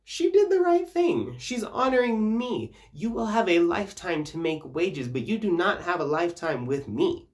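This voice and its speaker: A man voicing a weary, exasperated Jesus who scolds his followers in a high, sharp, profane voice. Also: big pitch swings, normal speed, few pauses. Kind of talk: comic retelling of scripture.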